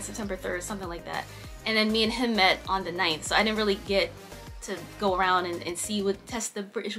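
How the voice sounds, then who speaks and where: A woman talks straight to her viewers in a casual storytime, chatty and easygoing, stopping often to laugh. She acts out the voices of the people in her story as she goes. Faint music plays quietly underneath. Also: medium pitch. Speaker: vlogger.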